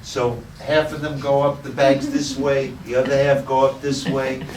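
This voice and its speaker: A man's voice: mid-range voice, flat delivery, normal speed, a little mellow, slight background noise. A man who teaches spirituality, telling a parable with playful humor to a small audience. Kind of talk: storytelling talk to a small audience. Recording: roomy echo, distant mic.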